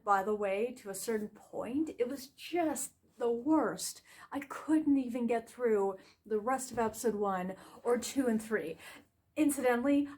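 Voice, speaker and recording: Frustrated woman ranting in a casual review. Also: a little high. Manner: animated, frustrated, scattered with fillers. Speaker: video reviewer.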